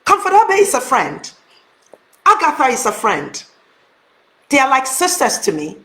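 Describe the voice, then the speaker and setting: A woman with a fairly high voice giving an earnest, emphatic motivational talk to her viewers. The recording is roomy, with a noticeable echo around her. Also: wildly swooping pitch, normal speed, a bit bright. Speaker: host.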